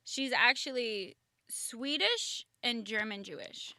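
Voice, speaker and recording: Young woman, talk show guest; earnest, thoughtful, fairly high and bright voice. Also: slow pace, no room sound. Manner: earnest, thoughtful, animated when quoting people. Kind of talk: casual podcast chat.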